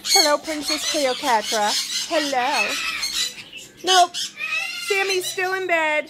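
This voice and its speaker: A woman's voice: sits high, takes it slowly, pauses often. A woman giving a casual vlog tour of her pet birds at home, talking to them in cooing baby talk. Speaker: pet owner vlogger. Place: indoor bird room at home. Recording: loud bird squawks and noise behind. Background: birds chirping and squawking.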